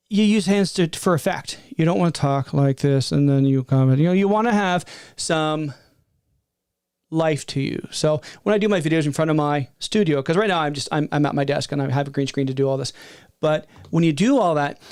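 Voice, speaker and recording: Animated, rambling man in his fifties. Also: on the high side, smooth, no room sound, clean studio sound. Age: 50s. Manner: animated, rambling, exasperated asides. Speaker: tech streamer. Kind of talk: casual spoken reaction. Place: at a desk before a green screen.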